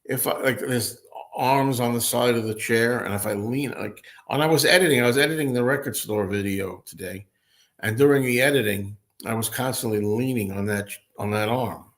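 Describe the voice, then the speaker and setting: A man's voice: mid-range voice, normal speed, fairly bright tone. A man hosting a casual solo livestream. He answers viewer comments indoors at a table with a laptop, rambling, thinking aloud and laughing often. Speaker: host.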